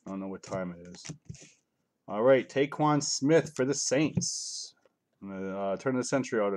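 Low and slightly dark, this man's voice carries a casual live card break he's hosting from home. He rambles and chats, calling out every card as he opens the packs, in the style of easygoing live-stream commentary.

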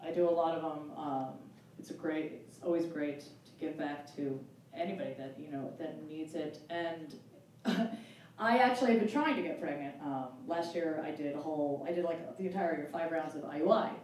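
A woman's voice: moderate pace, a little hiss or hum. A woman in her forties doing a self-mocking stand-up comedy set on stage at a benefit. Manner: self-mocking, punchy, jumps into loud high character voices. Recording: very echoey venue, mic from a distance.

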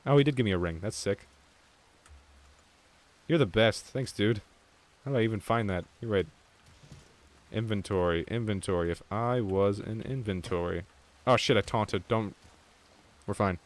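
A young man streaming an online game with viewers, chatting casually, swearing freely and getting excited. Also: lowish voice, normal speed, pauses often. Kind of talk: casual gaming chat.

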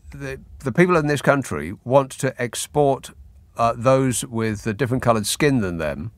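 Male talk-radio host, lively sardonic delivery, dry studio sound. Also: medium pitch, dry recording. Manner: wry, exasperated and sardonic. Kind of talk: late-night phone-in talk. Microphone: studio mic.

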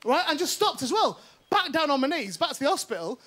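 A man doing a stand-up comedy set on a TV studio stage, telling a story in an animated, self-mocking way and often asking "right?". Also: extremely high pitch, brisk. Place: TV studio stage before an audience.

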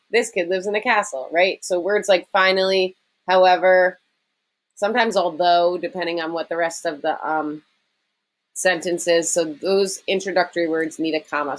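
A woman's voice: fairly low pitch, rough recording. A woman teacher giving a recorded writing lesson to her students, explaining step by step in a conversational way with frequent "okay" and "um".

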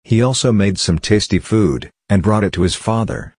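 A man giving a steady, measured scripted reading of scripture. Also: lowish voice, no room sound, studio quality. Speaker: Bible reader.

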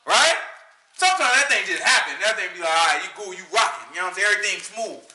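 A man teaching scripture in an informal, conversational sermon, slangy and animated, often checking in with "right?". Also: sits high, racing, roomy sound. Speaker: teacher leading a scripture study.

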